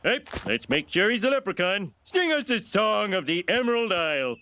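A man's voice: high-pitched, big pitch swings, moderate pace, pushed and bright, no echo, voice pushed up, full character voice. A man voicing a hammy cartoon character who mocks a leprechaun, in a clip played back. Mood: mocking.

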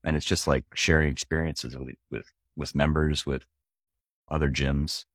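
A man's voice: a bass voice, fairly even intonation, normal speed, no echo, clean studio sound. A man from Philadelphia, a fitness coach and gym owner, talking earnestly and easily in a casual interview. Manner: earnest, easygoing.

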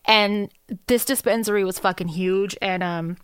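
Animated, slangy woman. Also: medium pitch, normal speed, clean tone, dry recording, studio quality. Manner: animated storyteller, swears freely, lots of slang. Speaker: podcast co-host. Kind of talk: casual chat.

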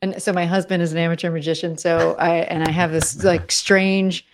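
A woman guest in an interview, talking in an animated way, often restarting her sentences and using fillers like "like" and "you know". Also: on the low side, moderate pace. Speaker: guest, messaging consultant. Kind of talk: conversational interview.

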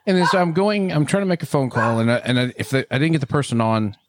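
A man's voice: mid-range voice, fast talker, noisy background. A man co-hosting a casual podcast, playfully teasing while giving rambling tasting notes. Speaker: podcast co-host. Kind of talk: casual chat.

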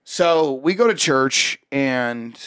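A man telling a story in casual, profane chat, animated and swearing often. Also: medium pitch, slow, clear, resonant tone, no echo, clean studio sound.

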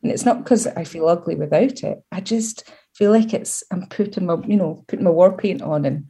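Lowish in pitch and moderate in pace, a middle-aged Scottish woman sits for a candid interview. Pride and humour run through her lively storytelling.

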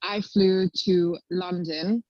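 Brief: young woman, animated storyteller, dry and slightly dull recording. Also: slow, dry recording. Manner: chatty storyteller, acts out quotes in a high voice. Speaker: guest. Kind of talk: casual chat.

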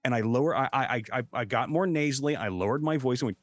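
Soft music plays in the background of this dry, echo-free recording of a fast-talking man with a medium-pitched voice. He's streaming and chatting casually, and his lively anecdotes are packed with profanity, laughter, and impressions of what other people said.

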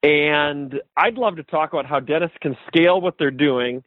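A man talking as a podcast guest, explaining things in a measured, step-by-step way. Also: a little high, no room sound. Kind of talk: casual interview chat. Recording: phone-like call audio.

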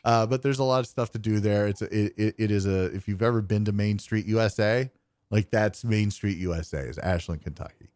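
A man's voice: fairly low pitch, a little fast, darkish tone, dry recording, clean studio sound. A young man co-hosting a podcast, telling a long, rambling story in casual chat and acting out the people in it with self-deprecating humor. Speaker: podcast co-host.

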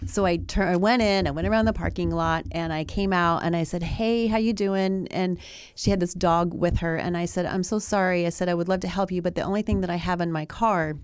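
A woman's voice: on the low side, fairly even intonation, quick pace, clear, resonant tone, dry recording, clean studio sound. A woman in a talk show, telling a personal story in an earnest, reflective way with many restarts. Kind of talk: conversational storytelling.

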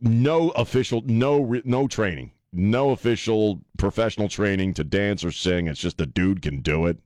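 A man's voice: lowish voice, normal speed, a little mellow, no room sound, studio quality. A man hosting a radio talk show, chatting loosely with lots of fillers and self-mocking jokes. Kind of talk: casual talk radio chat. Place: radio studio. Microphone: studio microphone.

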